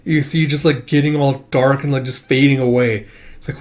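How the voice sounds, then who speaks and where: A man casually recapping a comic book, jumping into loud, animated voices for the characters and swearing now and then. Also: medium pitch, normal speed. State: dry throat from shouting.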